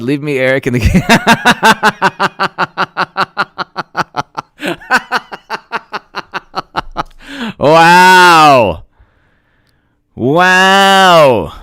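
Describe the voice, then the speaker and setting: A man's voice: mid-range voice, a bit bright, clear, resonant tone, no echo. A man doing sarcastic live-stream commentary, reading chat and mocking people with put-on voices. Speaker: political commentator.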